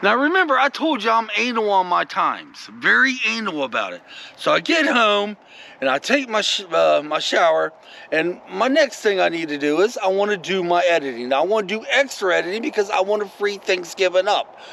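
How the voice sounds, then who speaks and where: A man with a high voice, rambling through a casual vlog story and talking straight to his viewers. His pitch jumps all over the place, with a gravelly rasp underneath and a faint hiss behind him. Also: moderate pace, rough recording. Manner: rambling and animated, many asides to viewers. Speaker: vlogger.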